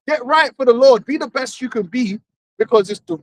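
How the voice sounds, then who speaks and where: Casting: high-pitched man, animated and preachy, recorded well off the mic. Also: moderate pace, no room sound, far from the mic. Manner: animated, mocking impressions, preachy. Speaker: podcast co-host. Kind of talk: heated casual discussion.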